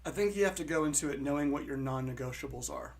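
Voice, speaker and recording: Man, fairly high voice, podcast guest, casual, agreeable, reflective. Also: quick pace. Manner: agreeable, short affirmations. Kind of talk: casual conversation.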